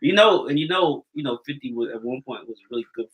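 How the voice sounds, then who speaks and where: A man co-hosting a podcast, relaxed and opinionated, often restarting his words. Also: mid-range voice, quick pace, low-quality recording. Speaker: podcast co-host. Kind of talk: casual chat.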